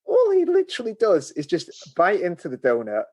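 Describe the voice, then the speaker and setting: A man's voice: high-pitched, wildly swooping pitch, moderate pace, darkish tone. A man co-hosting a movie review podcast, chatting casually and retelling scenes with amused asides. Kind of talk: casual chat.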